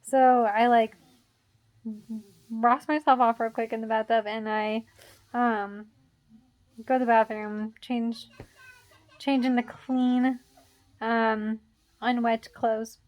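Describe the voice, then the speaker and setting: A woman's voice: on the high side, level tone, slow pace, long pauses, a little mellow. A young woman vlogger telling a story in a casual, rambling way, full of "like" fillers, still shaken and jittery.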